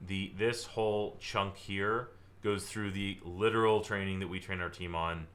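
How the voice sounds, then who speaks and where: Energetic man teaching sales, bright voice. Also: low voice, measured pace. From Southern California. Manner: energetic, acts out client dialogue, exaggerates for effect. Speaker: sales trainer. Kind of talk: live online training presentation.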